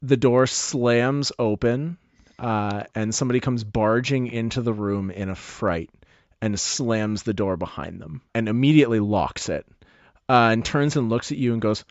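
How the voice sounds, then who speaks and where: A man's voice: medium pitch, normal speed, no echo. Male game master, easygoing narration, close dry sound, a bit muffled. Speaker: dungeon master.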